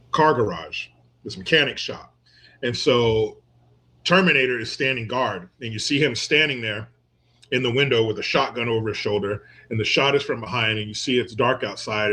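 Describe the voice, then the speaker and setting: A man's voice: mid-range voice, fairly bright tone. A man giving crude, joking commentary on a clip, laughing often and wandering into rambling asides. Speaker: commentator reacting to a viral clip. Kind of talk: casual profane commentary.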